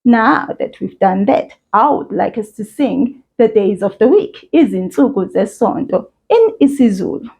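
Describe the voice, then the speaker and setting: A woman teaching a children's language lesson, encouraging and sing-song, speaking slowly and clearly. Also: medium pitch, lively intonation, a little mellow. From South Africa.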